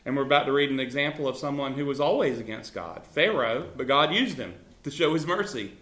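A man's voice: medium pitch, expressive, a little fast, fairly bright tone. A man leads a Bible study in an informal, conversational way. He chuckles often and pads his points with easy fillers. His voice sits in the middle range and the room around him sounds echoey.

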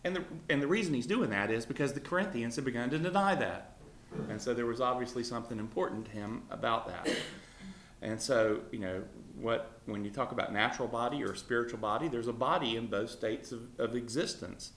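A man leads an informal Bible class, speaking in a relaxed, conversational way with plenty of fillers. He keeps asking his students questions. His voice sits in a middle range and is recorded with a roomy echo. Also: mid-range voice, fairly quick. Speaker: Bible study teacher.

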